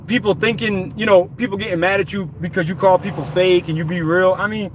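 Angry high-voiced man ranting in a car. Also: steady tone, brisk, muffled recording, a little hiss or hum. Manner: angry, profane, rambling rant. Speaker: vlogger. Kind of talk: ranting vlog while driving. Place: in a car, driving.

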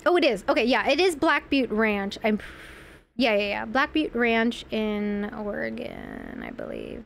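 A young woman streams a video game from home in a creaky, fairly high voice, with slight background noise. She chats casually, giggles as she rambles, and reads her chat aloud.

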